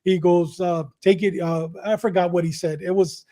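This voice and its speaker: An older man from Southern California with a high voice tells his stories as a guest. He acts out the back-and-forth dialogue with energy, repeating words and restarting his phrases as he goes. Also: fairly even intonation, moderate pace, dark tone. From Southern California, USA. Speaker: podcast guest, former correctional officer. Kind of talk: conversational storytelling.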